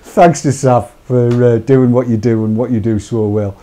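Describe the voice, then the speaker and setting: A medium-pitched man speaking at normal speed co-hosts a live-streamed vaping talk show. He's chatty and jokey, tossing in animated asides during the casual conversation.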